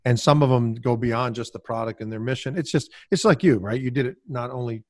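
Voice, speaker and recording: A man's voice: medium pitch, brisk, dry recording, clean studio sound. A man hosting a podcast interview, friendly and encouraging, stumbling a little over his words. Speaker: podcast host. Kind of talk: casual interview.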